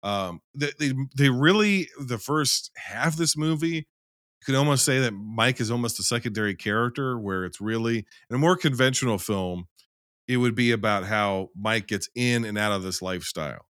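A man co-hosting a casual film podcast, talking in a loose, animated way, swearing and acting out scenes as he argues his view. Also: medium pitch, moderate pace, no room sound, clean studio sound. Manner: animated, profane, acts out scenes in quotes. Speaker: podcast co-host.

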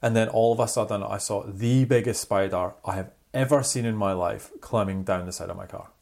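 A man co-hosting a casual chat show, telling stories in an animated way and checking in with "right?". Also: on the low side, fairly quick, vocal fry. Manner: animated storyteller, repeats "right?". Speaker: podcast co-host.

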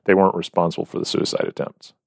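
A man's voice: sits low, little pitch movement, fast talker, vocal fry, no room sound, clean studio sound. A man co-hosting a podcast, chatting casually and wryly reading out a list of listener names. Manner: wry, reads out a long list of names. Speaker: podcast co-host. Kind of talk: casual chat.

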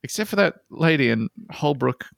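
A man's voice: on the high side, animated, normal speed, gravelly, dry recording, clean studio sound. A man co-hosting a comedy podcast, reading a listener post aloud and mocking it with plenty of swearing. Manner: sarcastic, mocking, swears a lot.

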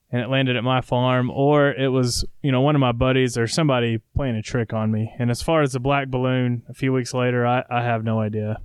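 Smooth-voiced hesitant man. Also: medium pitch, no echo. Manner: hesitant, many fillers. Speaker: podcast co-host. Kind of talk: casual chat.

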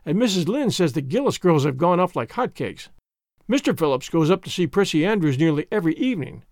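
A man's voice: fairly high pitch, darkish tone, dry recording. An eager, dreamy girl, as a man reading a storybook puts her on, chattering on in long, earnest runs. Her voice swings freely up and down. The sound is dry and close.

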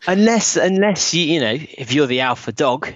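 Man, podcast host, casual chat, lively storytelling, dry close mic, slightly muffled. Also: fairly high pitch, normal speed, no echo. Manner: animated storytelling, with laughs.

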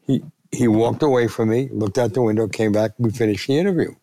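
A man's voice: medium pitch, brisk, warm tone, a little hiss or hum. An older man, a retired sports columnist, telling anecdotes as a guest and acting out the voices he quotes. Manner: gravelly, acts out quoted voices.

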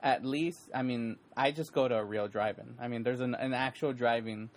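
A man's voice: medium pitch, steady tone, moderate pace. This is a man from California in a casual chat with a co-host. He talks in an easygoing, friendly way and laughs often between thoughts.

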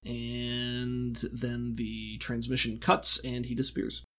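Man, game master, casual narration, mid-pitched voice, descriptive, filler words. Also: slow pace. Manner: descriptive, relaxed, many fillers.

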